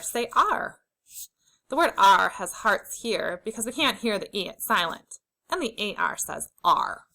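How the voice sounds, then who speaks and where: A young adult woman teaches young children a phonics lesson, sounding out letters slowly and clearly and offering encouraging praise. Her voice is mid-range with a sharp tone, and the audio quality is poor.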